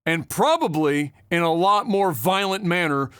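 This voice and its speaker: A man's voice: sits high, lively intonation, a little slow, a bit bright, clear, resonant tone, no room sound, clean studio sound. A man ranting with heavy swearing in a casual podcast chat. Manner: profane, ranting, exasperated. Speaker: podcast co-host.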